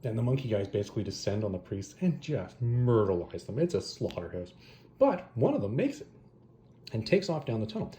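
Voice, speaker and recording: A man casually retelling a fantasy story and reviewing comic adaptations, rambling and animated, correcting himself as he goes. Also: lowish voice, a little fast. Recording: roomy echo.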